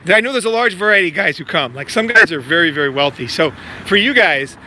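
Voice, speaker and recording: Profane rambling man with a sharp voice. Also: high-pitched, expressive, fast talker, slight background noise. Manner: profane, filler-heavy, repeats himself. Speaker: vlogger promoting a meetup. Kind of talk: casual rambling vlog talk.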